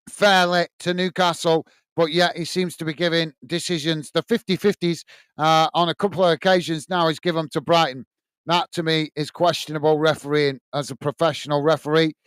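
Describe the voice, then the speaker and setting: A man's voice: sits high, a bit bright, smooth, dry recording. A man hosting a live football watch-along, reading out viewers' chat messages and complaining about the referee's bias. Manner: indignant ranting about the referee with chatty asides.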